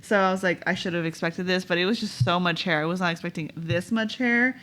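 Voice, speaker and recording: A young woman co-hosting a podcast, talking softly and reflectively in casual chat. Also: fairly low pitch, quick pace. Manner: soft, reflective, laughs often. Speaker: podcast co-host, new mother. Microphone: podcast microphone.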